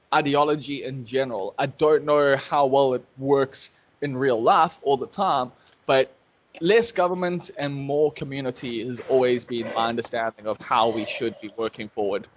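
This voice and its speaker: Brief: male host, mid-pitched, muffled lo-fi sound, rambling chat. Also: fairly even intonation, moderate pace. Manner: rambling, thinks aloud with restarts. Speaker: podcast host. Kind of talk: casual interview chat.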